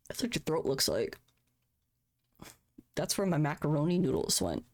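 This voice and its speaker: Candid, profane woman streamer, low voice. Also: sing-song, slow, pauses often. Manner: candid, profane, laughs at her own troubles. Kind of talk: casual live-stream chat.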